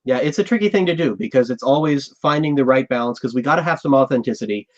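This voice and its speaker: A man's voice: mid-range voice, lively intonation, fast. Man hosting a podcast, dull lo-fi sound. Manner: thoughtful, rambling with fillers. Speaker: podcast host. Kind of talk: casual live chat.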